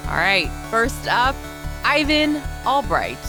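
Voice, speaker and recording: Animated giggly woman co-host. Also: on the high side, takes it slowly, music in the background, rough recording. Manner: giggly, animated, laughs often. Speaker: podcast co-host. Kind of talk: casual chat about art.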